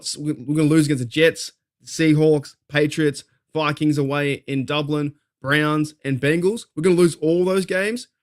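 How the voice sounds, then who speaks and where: Fired-up Australian fan host. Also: male voice, medium pitch. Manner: fired-up, rambling, swears freely. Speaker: podcast host. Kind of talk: casual fan commentary.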